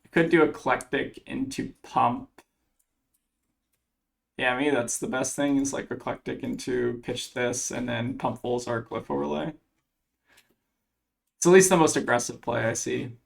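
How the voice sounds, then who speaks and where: A man's voice: mid-range voice, fairly even intonation, measured pace, vocal fry, long pauses. A man commentating his own card game match, thinking aloud as he weighs each play, with plenty of fillers. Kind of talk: casual gameplay commentary.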